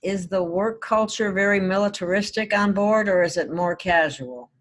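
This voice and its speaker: A woman's voice: mid-range voice, normal speed, low-quality recording. A woman hosting a casual podcast who reads out listener questions and laughs easily. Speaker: podcast host.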